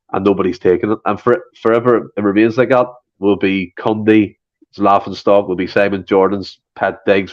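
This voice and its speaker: Heated Scottish man, low voice. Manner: heated, swearing, pitch jumping up when worked up. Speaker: podcast co-host. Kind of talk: passionate casual football chat. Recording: dull lo-fi podcast audio.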